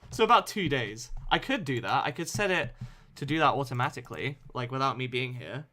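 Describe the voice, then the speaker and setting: Bright-voiced man hosting a game stream. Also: medium pitch, expressive, fairly quick. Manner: chatty, laughs often. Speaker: streamer host. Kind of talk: casual chat on a game stream.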